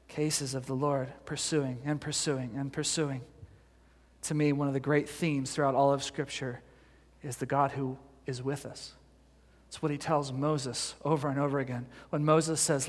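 A male pastor preaching a sermon, telling stories in an animated way with many fillers and restarts, and joking gently with the congregation. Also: mid-range voice, a little slow, long reverb tail.

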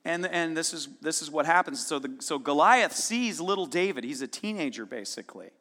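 A man preaching a sermon, retelling a story in a casual, lively way and voicing its characters with sudden bursts of intensity. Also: a little high. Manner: storytelling with casual asides and quick dramatic voicing. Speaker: pastor. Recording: long reverb of a large hall.

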